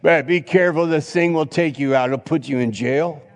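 Preaching man with a gravelly voice. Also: a little high, normal speed, in a large hall. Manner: emphatic preaching with sudden loud rises and repetition. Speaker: pastor. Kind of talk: sermon. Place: church.

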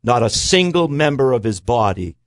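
A man's voice: medium pitch, big pitch swings, no room sound. Earnest man teaching scripture, dry sound. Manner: earnest, emphatic preaching cadence with slow stresses. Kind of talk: conversational Bible teaching.

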